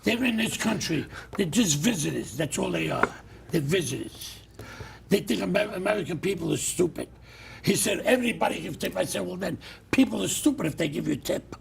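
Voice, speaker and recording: A middle-aged man hosts a talk show, ranting bluntly and loudly as he tells his stories. His voice sits high for a man and is deeply gravelly, with a rough, creaky edge. A faint hiss of noise runs underneath. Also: a little fast. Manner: blunt, loud, animated storyteller. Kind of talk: casual ranting monologue.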